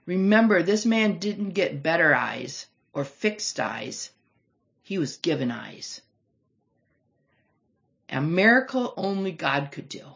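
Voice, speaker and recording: A woman's voice: on the low side, creaky, a bit bright. A woman teaching a Bible study lesson, explaining scripture and reading verses aloud with emphasis. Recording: slightly dull lo-fi recording.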